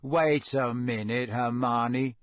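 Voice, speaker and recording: A man's voice: fairly high pitch, animated, normal speed, no room sound. A man reading a storybook aloud and voicing a wry teenage schoolboy in a dry manner.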